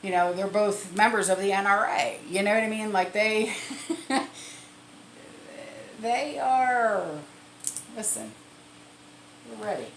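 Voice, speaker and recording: A woman's voice: mid-range voice, expressive, takes it slowly, long pauses, slight background noise. A middle-aged woman chatting casually to camera as a prepping vlogger, repeating herself and laughing now and then. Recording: echoey room.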